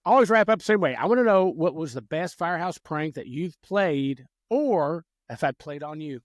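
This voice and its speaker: A male podcast host in casual interview chat, effusive and openly fond of his guest. His voice is a touch high. The sound is close and dry. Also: animated, normal speed, no room sound. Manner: warm, effusive, calls guest brother.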